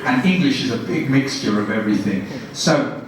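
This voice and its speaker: A man giving a guest lecture, demonstrating classroom teaching with brisk questions and quick praise. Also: mid-range voice, animated, background noise. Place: university lecture room. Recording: echoey room from a distant mic.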